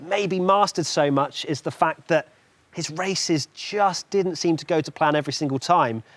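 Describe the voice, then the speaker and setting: A man's voice: fairly high pitch, moderate pace, fairly bright tone, dry recording. A man presenting an esports racing show, teasing and upbeat with his co-hosts.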